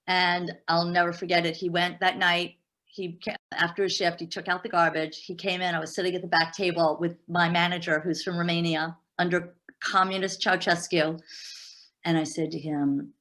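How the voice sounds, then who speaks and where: A middle-aged woman, an entrepreneur, telling a lively story in an interview and acting out the dialogue. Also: lowish voice, moderate pace. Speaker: entrepreneur guest.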